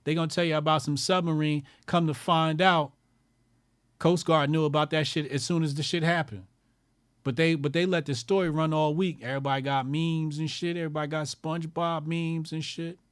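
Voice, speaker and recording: A fairly high-voiced man rants on his call-in show with mockery and constant swearing. He hammers his points home by repeating lines. The sound is close and dry, with no room around it. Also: fairly even intonation, fairly quick, smooth, no echo. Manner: loud, profane, mocking, repeats lines for emphasis. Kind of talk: profane ranting commentary.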